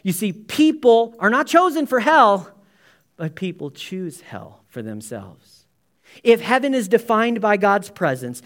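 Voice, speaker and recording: High-voiced man preaching with dramatic swings. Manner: swings from loud emphatic peaks to quiet low punchlines. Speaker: pastor. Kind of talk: sermon.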